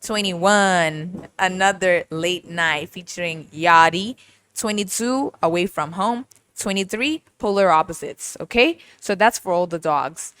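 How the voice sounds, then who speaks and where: A young woman hosting a casual music podcast, animated, laughing often and mimicking voices as she talks. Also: lowish voice, measured pace, smooth, no echo. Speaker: podcast host.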